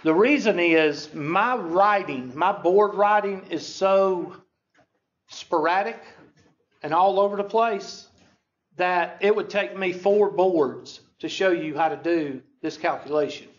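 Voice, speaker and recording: A male teacher lectures a class in a folksy, self-deprecating way, checking in with "okay?" again and again. His voice sits a little high. The recording is dull and lo-fi. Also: slow pace. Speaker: statistics teacher.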